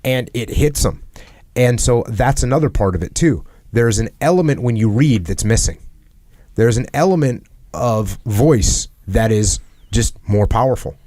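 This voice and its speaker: A man's voice: medium pitch, animated, measured pace, mellow, no room sound. A middle-aged man hosting a podcast. He talks in an earnest, reflective way and repeats phrases for emphasis. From United States. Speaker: podcast host. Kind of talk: reflective conversational talk.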